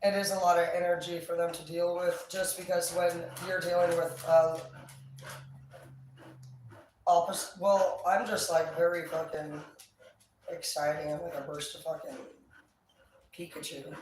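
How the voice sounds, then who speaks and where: A woman's voice: lowish voice, level tone, unhurried, long pauses, a little mellow, far from the mic. A woman rambles on in a loose, cheerful way, peppering her talk with swear words. She sits back from the mic, and her voice rings around a very echoey space. A faint hum of ambient noise stays under everything. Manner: chatty, profane, upbeat. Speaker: vlogger. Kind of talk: casual chat.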